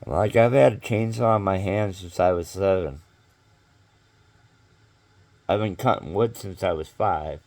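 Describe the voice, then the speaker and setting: A man's voice: deep voice, measured pace, pauses often, a little mellow. A man telling a rambling story to camera in a casual vlog, full of fillers and swearing. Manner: rambling, filler-heavy, profane.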